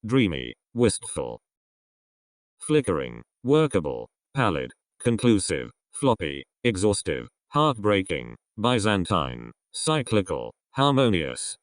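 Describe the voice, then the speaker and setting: Deep, slow man reading word lists. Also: no echo, clean studio sound. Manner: reads isolated words with falling list intonation. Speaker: vocabulary reader. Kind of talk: reading an English word list.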